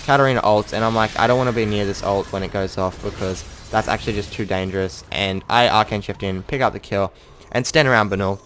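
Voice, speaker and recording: A man's voice: on the low side, a bit bright, slight background noise. Chatty young man narrating his game. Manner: chatty, self-mocking, acts out his own in-game quotes. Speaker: gameplay commentator. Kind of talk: casual game commentary.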